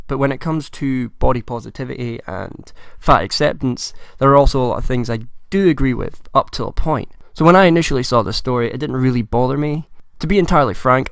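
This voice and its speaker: A young man speaks in a hoarse, croaky voice with a gravelly edge. He talks in a measured, thoughtful way, like a solo commentary vlog. The sound is dry and close, with no room echo. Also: medium pitch. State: hoarse, croaky from a chest infection. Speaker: commentary vlogger.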